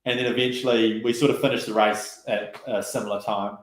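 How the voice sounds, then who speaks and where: A man telling stories casually in an interview, relaxed and chatty, with lots of fillers and quoted asides. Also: on the low side, fairly quick. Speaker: guest rower. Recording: roomy echo.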